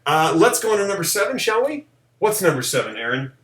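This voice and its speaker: A man hosting a live stream in casual chat, animated and jokey, reading out viewer comments and ranking films. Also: fast talker, roomy sound. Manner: animated, jokey, does mocking high voices. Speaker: live show host.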